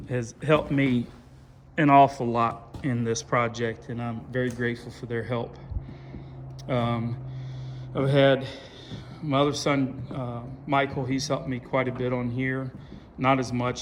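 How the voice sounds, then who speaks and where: A middle-aged man walking through the old barn he restored, talking in a halting, rambling way full of fillers. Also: medium pitch, a little hiss or hum. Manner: rambling, halting, self-deprecating, many fillers. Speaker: farm owner showing his restored barn. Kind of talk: casual walkthrough vlog.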